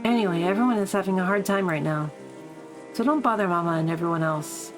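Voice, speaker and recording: A woman voicing an exasperated mother in a visual novel read-aloud, keeping her tone forced calm and firm. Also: lowish voice, quick pace, music in the background, lightly acted. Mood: stern. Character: strained, exasperated mother coaxing her child.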